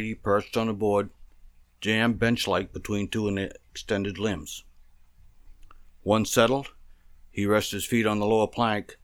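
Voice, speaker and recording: Man, fairly low voice, family memoir read aloud, measured and plain. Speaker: storyteller.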